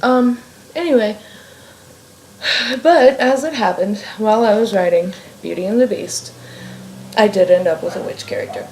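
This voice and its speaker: A woman's voice: medium pitch, moderate pace, long pauses, darkish tone. A woman from Ohio, a fiction writer, talking casually in a rambling, sidetracked way and swearing freely. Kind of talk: casual vlog chat. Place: home room. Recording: echoey room with faint ambient noise.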